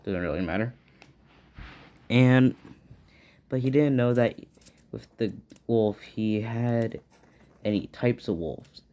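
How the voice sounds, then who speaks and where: A man's voice: mid-range voice, steady tone, slow pace, long pauses, dark tone, smooth. A man improvising a fan story aloud, rambling and hesitant as he thinks it up.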